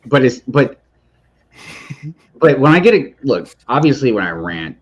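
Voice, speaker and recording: A man hosting a livestream, chatting casually in an animated way that gets loud when he is excited. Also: medium pitch, a little slow, husky, muffled recording. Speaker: streamer host.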